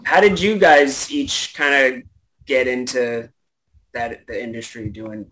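A man's voice: mid-range voice, fairly even intonation, takes it slowly, a bit bright, rough recording. A man hosting, politely asking his guests a question. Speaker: host. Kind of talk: interview question.

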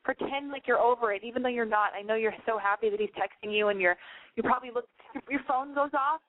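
A woman hosts a call-in advice show, ranting bluntly and swearing freely. Her voice sits a little high. It comes through a narrow, dry, phone-like line. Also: fast, no room sound. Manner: blunt and swearing, ranting, mimics callers with squeals. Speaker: radio call-in advice host.

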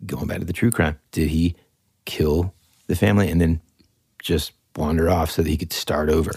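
A man's voice: a bass voice, flat delivery, normal speed, creaky, a little mellow, husky, no echo, clean studio sound. A man co-hosting a podcast, chatting casually and animatedly about a true-crime story, rambling and joking. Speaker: podcast co-host.

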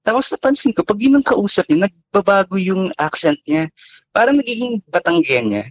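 A man's voice: high-pitched, sing-song, brisk, no echo, poor audio. A man telling a personal story in a casual chat, hesitant and full of fillers.

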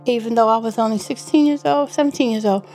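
A woman telling her own story in an interview, halting and repeating herself. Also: on the high side, warm tone, faint music behind. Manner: halting, many fillers and repeats. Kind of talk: personal recollection.

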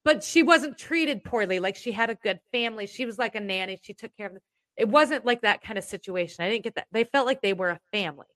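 A woman telling a rambling, animated story in casual chat as a podcast co-host. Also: medium pitch, quick pace, no room sound, clean studio sound.

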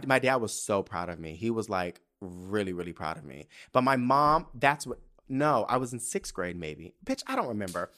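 A man's voice: mid-range voice, sharp tone. Young male podcast host, casual solo storytelling, candid and profane, emotional about his past. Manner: candid, profane, emotional, often tearful and laughing.

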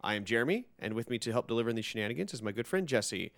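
A man's voice: mid-range voice, sing-song, very fast, creaky, a bit bright. A young man hosting a gaming podcast who sounds tired and easygoing in casual chat. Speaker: podcast host.

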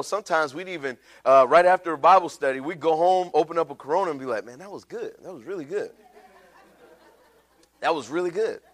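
A man's voice: a little high, a bit bright. A middle-aged pastor preaching a sermon, telling his own story in a casual, heartfelt way. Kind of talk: sermon with personal testimony.

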